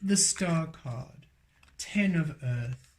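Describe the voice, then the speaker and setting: Guy doing a tarot reading, kinda high voice, talks slow, says stuff over and over for emphasis. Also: animated. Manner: emphatic, repeats affirmations. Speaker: tarot reader. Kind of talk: spiritual card reading.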